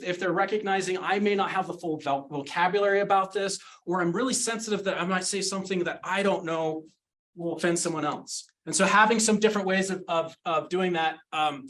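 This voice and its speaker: A man's voice: high-pitched, a bit bright, rough recording. A middle-aged man from Utah, a sociology teacher giving an earnest, reflective conference presentation. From Utah, United States. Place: conference breakout room.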